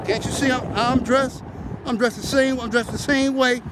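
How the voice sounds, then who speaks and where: A man in a car casually telling a story in an animated, streetwise way, acting out arguments. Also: very high voice, moderate pace, very noisy.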